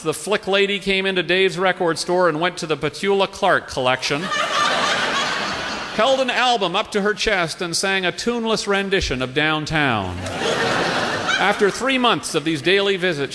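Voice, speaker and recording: A man's voice: fairly high pitch, background noise. A man telling a humorous story on stage with wry, playful emphasis. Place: theatre stage with live audience. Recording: long hall reverb, live stage.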